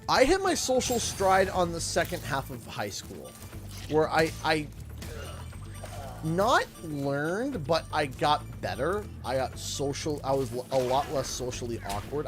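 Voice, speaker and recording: A man with a Canadian accent, chatting casually while streaming a game, telling rambling stories with frequent laughter and restarts. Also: medium pitch. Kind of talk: casual chat while gaming.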